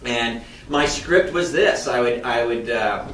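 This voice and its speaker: Speaking slowly in a somewhat bright voice, a man who works as a mortgage loan officer shares chatty stories on a podcast, changing his pitch to play the people he quotes. The recording is roomy and a bit distant, with slight background noise.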